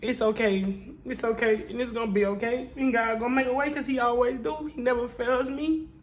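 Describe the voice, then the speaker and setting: A woman's voice: on the high side, fairly even intonation, fairly quick, slight background noise, rough recording. A woman speaking straight to her viewers in an emotional confessional vlog. She sounds tearful and talks in a prayerful, testifying way, repeating her lines over and over. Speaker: vlogger.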